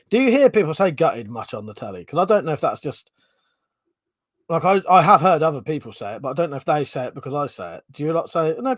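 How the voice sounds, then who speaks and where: A man's voice: mid-range voice, slightly rough, no room sound. A man with a British accent hosting a casual live stream, chatting sarcastically, swearing freely and reading out viewer comments. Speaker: livestream host.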